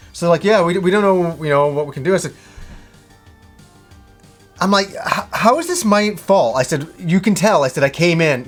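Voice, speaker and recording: A man with a slightly high voice tells a story in a loose, ranting way. He acts out both sides of each conversation and swears freely as he goes. Faint music plays underneath. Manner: animated retelling with swearing and acted-out dialogue. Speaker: video game vlogger. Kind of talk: casual storytelling rant.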